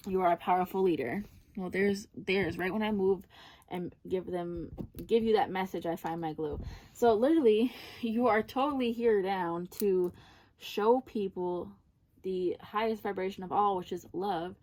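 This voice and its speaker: A woman's voice: medium pitch, normal speed, a little mellow. A woman giving a casual personal tarot reading, chatty and effusive, often calling her listener "girl". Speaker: tarot card reader.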